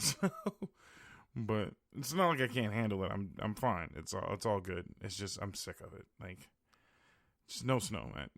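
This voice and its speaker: A man's voice: fairly low pitch, gravelly, dry recording, studio quality. A tired man from the American Midwest hosting a podcast, ranting in a profane, exasperated way and laughing often. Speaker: podcast host. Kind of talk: casual solo rant.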